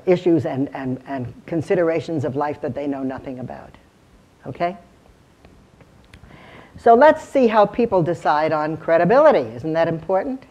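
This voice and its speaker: A communications consultant with a deep voice and darkish tone gives a live seminar to lawyers, drawing the audience in with rhetorical questions and demonstrating different tones of voice. The recording is dull and lo-fi.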